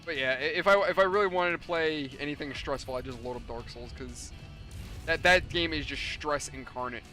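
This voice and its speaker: A man's voice: a little high, brisk, bright, forceful tone, faint music behind. A man with a New York accent chatting casually during a game stream, telling rambling stories and swearing freely. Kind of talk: casual gaming chat.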